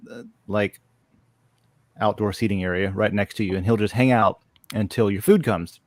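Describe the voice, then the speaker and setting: A man's voice: lowish voice, a little mellow, dry recording, studio quality. A man co-hosting a casual live chat show, telling a story in a meandering way with frequent fillers and restarts. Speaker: podcast co-host. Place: lives in a Florida college town.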